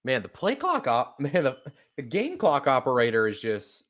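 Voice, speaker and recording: A young man giving live, profane fan play-by-play of a football game, exasperated and bursting into loud outbursts. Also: mid-range voice, huge pitch swings, normal speed. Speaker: podcast play-by-play host.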